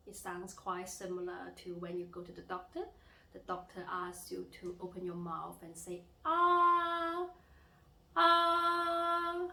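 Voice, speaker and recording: A young woman teaching a language lesson as a tutor, pausing to demonstrate tones with long drawn-out sung vowels. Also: on the low side, gravelly, roomy sound, low-quality recording. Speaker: Mandarin and Cantonese tutor.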